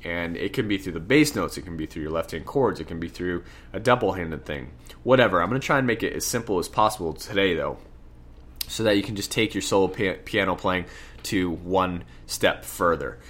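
Sick man teaching piano, lowish voice. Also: a little fast. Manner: relaxed, self-correcting explanations with frequent "right?". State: sick, slight lisp. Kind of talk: casual music lesson. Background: piano playing between explanations.

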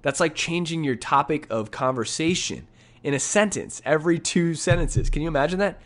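A man's voice: on the high side, normal speed. Casual male music teacher scatting rhythms. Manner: casual, scats rhythms aloud, says "right?" often. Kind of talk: breaking down his own recorded piano solo. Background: faint piano music.

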